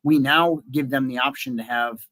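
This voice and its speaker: Hosting a live business webinar, a coach from southeastern Wisconsin, USA, talks casually and upbeat, filling his speech with "uh" and restarts. He has a medium-pitched, fairly bright voice with a steady tone and normal speed, and there's no room sound.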